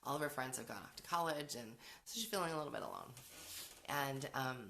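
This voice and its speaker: A woman's voice: very deep voice, animated, fairly quick, gravelly, a bit bright, a little hiss or hum. A woman in her forties hosting a podcast, talking casually about parenting, chatty, laughing often and acting out quotes. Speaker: podcast host.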